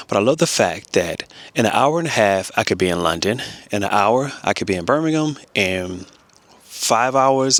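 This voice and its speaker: A man's voice: on the low side, a bit bright, no room sound. An American man chatting casually in a family travel vlog, repeating words as he thinks aloud. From United States.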